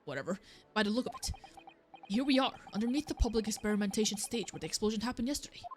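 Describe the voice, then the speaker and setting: A woman's voice: medium pitch, animated, very fast, slight background noise. A young woman streamer giving casual, scatterbrained commentary while playing a game and reading lines aloud. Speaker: let's play streamer. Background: game music.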